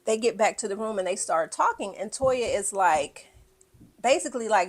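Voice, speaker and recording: A woman's voice: medium pitch, normal speed. A woman giving a casual, blunt and profane recap of a reality show, acting out what people said. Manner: animated, blunt and profane, acts out quotes.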